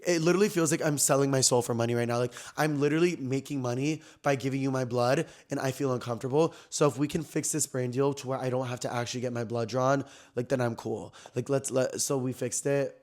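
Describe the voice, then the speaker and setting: A young man talks fast and loosely on his own podcast, mid-pitched and full of slang. He tells a story like gossip to friends, getting loud and then dropping low in quick swings. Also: steady tone. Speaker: podcast host. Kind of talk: casual storytelling chat.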